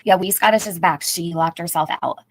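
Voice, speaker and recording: A woman's voice: lowish voice, steady tone, brisk, dry recording, rough recording. A middle-aged woman hosting a casual livestream, chatting, greeting viewers by name and laughing often. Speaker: livestream host.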